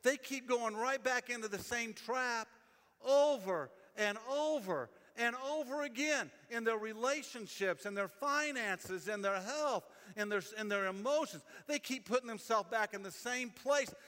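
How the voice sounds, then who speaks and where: A man's voice: extremely high pitch, unhurried, fairly bright tone, in a large hall. A man preaching a sermon in a conversational, storytelling way, often repeating his phrases.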